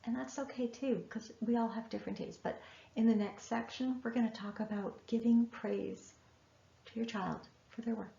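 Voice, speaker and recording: Woman educator with a raised, gravelly voice giving earnest, emphatic masterclass advice in a dull, roomy recording. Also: fairly high pitch, steady tone, normal speed, warm tone. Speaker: writing educator. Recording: echoey room, dull lo-fi sound.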